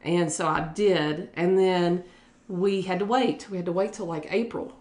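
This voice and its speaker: A middle-aged woman from West Virginia talks through her career as a school principal in an earnest, conversational way. Her voice sits on the lower side, and she slips into brief lively voices when quoting others. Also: a little slow. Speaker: elementary school principal, guest. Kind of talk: casual conversational storytelling.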